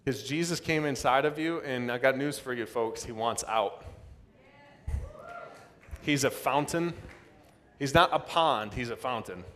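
Man, pastor, sermon, swings between soft and loud, long hall reverb. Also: medium pitch, unhurried, long pauses. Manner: preaching with sudden loud outbursts and dramatic quoted voices.

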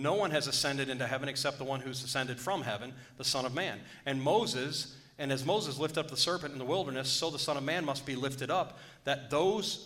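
A man's voice: mid-range voice, fairly bright tone. A man preaching a sermon, joking with the congregation and asking for amens. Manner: joking, call-and-response preaching. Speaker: pastor.

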